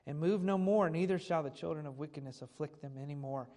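A man's voice: on the high side, fast, warm tone. A man preaching a sermon who reads old scripture aloud and then restates it in plain everyday words. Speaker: pastor.

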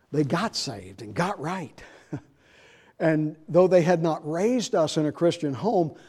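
A middle-aged man preaching a sermon as pastor, moving between quiet, confiding storytelling and loud, raised emphasis. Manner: shifts from soft confiding asides to loud, high-pitched emphasis.

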